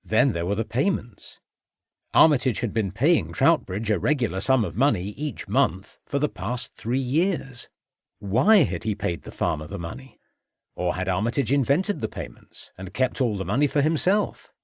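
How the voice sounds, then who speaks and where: A man reading a crime audiobook in measured scripted narration. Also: fairly low pitch, very animated, slightly rough, no room sound, clean studio sound.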